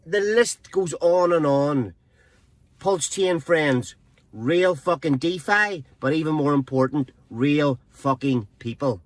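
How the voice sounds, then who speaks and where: A man's voice: fairly high pitch, no echo. A man with an Irish accent giving an emphatic, profane motivational speech. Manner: emphatic, profane, drawn-out phrases.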